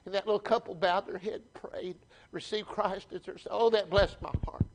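A man with a Southern US accent preaching a sermon to his church, folksy and animated, often restarting his phrases. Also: high voice, a little fast, a little hiss or hum. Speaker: pastor. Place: church sanctuary.

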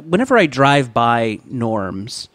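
Male podcast guest, mid-pitch, halting and rambling, dry close sound. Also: big pitch swings, fairly bright tone, dry recording. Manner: hesitant, lots of filler and restarts. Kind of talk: casual comedic podcast chat.

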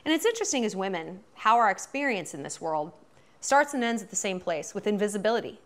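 Woman host, 30s, casual profane commentary, bright and animated delivery. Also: medium pitch, quick pace. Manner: chatty, profane, animated, lots of fillers.

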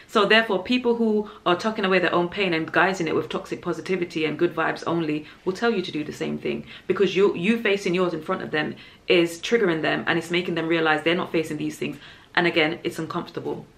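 A woman's voice: lowish voice, vocal fry, a bit bright. A woman vlogger giving an earnest, emphatic opinion monologue, repeating her points for stress.

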